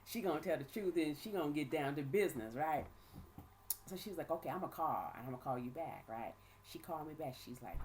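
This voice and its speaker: A woman's voice: low-pitched, a little fast, slight background noise. A woman telling her own story in a casual vlog, acting out what people said and checking in with "right?" and "okay?". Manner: animated, acts out quoted dialogue with shifting voices; frequent laughs and asides like "right?" and "okay?". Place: at home with her child nearby.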